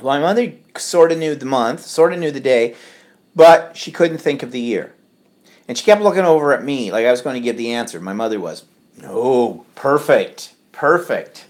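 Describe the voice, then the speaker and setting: A man's voice: mid-range voice, animated, a little fast, a little mellow. A man co-hosting a podcast, chatting and telling a story in which he acts out the people he quotes. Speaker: podcast co-host. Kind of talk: casual chat.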